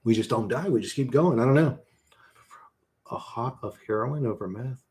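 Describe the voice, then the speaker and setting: A man's voice: mid-range voice, moderate pace, a little mellow. A man hosting a casual livestream, reading chat and answering bluntly with lots of swearing and "bro.".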